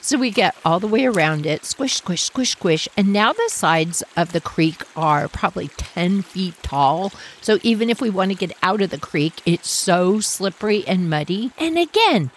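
A middle-aged woman telling childhood stories in a casual, animated way, laughing often and acting out little voices. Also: lowish voice, moderate pace, hardly any pauses, a little hiss or hum. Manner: animated, giggly, acts out voices. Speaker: storyteller host. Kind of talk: casual personal storytelling.

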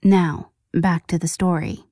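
A woman narrating a scripted true-crime story with measured pacing and dramatic pauses. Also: fairly low pitch, flat delivery, over music. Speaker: podcast narrator.

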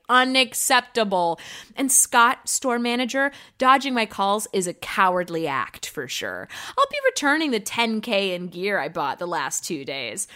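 A woman co-hosting a comedy podcast, animated and self-mocking, swearing casually while reading reviews aloud. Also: medium pitch. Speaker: podcast co-host.

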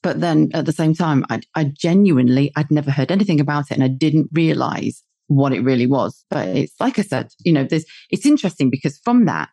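A woman's voice: deep voice, expressive, a little fast, few pauses, dark tone, breathy edge, no echo. A British woman in casual conversation, chatty, laughing easily and swearing freely. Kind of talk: casual chat.

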